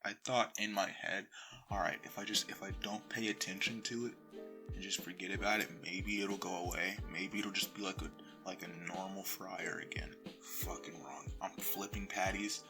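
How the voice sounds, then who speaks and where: A man's voice: low voice, fairly even intonation, moderate pace. A young man casually telling a rambling, profane story about his past, laughing often, recorded on a phone. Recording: phone recording with crackles and faint music.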